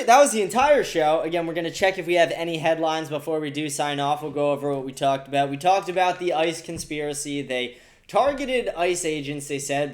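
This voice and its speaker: A man hosting a podcast, ranting profanely and indignantly about the news. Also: fairly high pitch. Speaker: podcast host. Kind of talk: casual political commentary.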